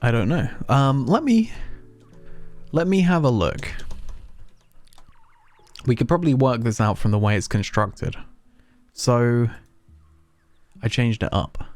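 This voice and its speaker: A man's voice: medium pitch, expressive, takes it slowly, pauses often, no room sound, faint music behind. A man streaming a video game, chatting casually and rambling with his co-host. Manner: chatty, rambling, self-mocking. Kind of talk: casual let's play commentary.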